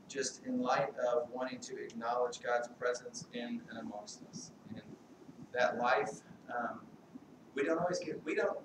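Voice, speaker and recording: Rambling middle-aged man in echoey hall. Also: mid-range voice. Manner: halting, rambling, light humor, many fillers. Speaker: eulogist, family friend. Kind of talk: memorial speech. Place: large hall at a memorial service. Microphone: distant mic. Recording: echoey hall, distant mic, background noise.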